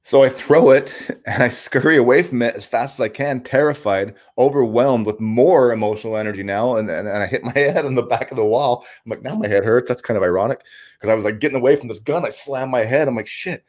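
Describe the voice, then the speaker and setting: A man telling a raw personal story as an interview guest, halting, with frequent restarts, repeated words and blunt swearing. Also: mid-range voice, darkish tone. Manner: blunt and profane; raw, intense retelling.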